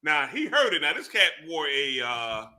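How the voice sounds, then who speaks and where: A man with a very bright, high voice tells a story on a live stream, swinging his pitch widely. He laughs as he goes and acts out the people he quotes loudly. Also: big pitch swings, moderate pace. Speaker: panel guest.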